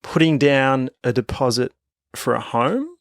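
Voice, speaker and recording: A man co-hosting a podcast, rambling and restarting as he poses questions in easy banter. His voice is mid-pitched and sits dry and close to the mic. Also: animated, no room sound. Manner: rambling, restarts, quick agreement. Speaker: podcast co-host. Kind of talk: casual banter.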